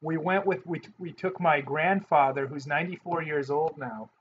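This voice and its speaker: A man from North Dakota hosts a relaxed question-and-answer chat for his channel, and he talks in an easygoing, self-deprecating way. His voice sits a little high for a man. The audio is muffled and low-fidelity, with faint hiss underneath. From North Dakota, USA. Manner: chatty, self-deprecating, quick to mimic accents. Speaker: vlogger, channel host.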